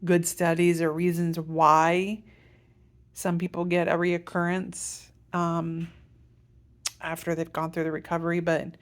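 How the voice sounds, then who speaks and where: A woman's voice: fairly low pitch, little pitch movement, measured pace. A middle-aged woman from Iowa in a casual vlog, talking through her treatment plan in a rambling, self-correcting way. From Iowa, USA. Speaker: patient sharing a health update.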